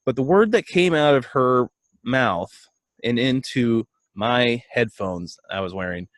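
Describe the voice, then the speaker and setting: A man co-hosting a casual comedy chat, telling a story with lively acted-out voices and plenty of self-deprecating restarts. His voice sits at an everyday middle pitch. The sound is dry and close, with no room around it. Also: moderate pace, no echo. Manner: animated storyteller, acts out voices. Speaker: podcast co-host.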